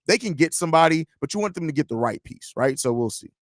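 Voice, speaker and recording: A man's voice: a little high, animated, fast, no room sound. Joking man host, dry close sound. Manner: loose, joking, storytelling with swearing. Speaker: podcast host. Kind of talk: casual live-stream chat.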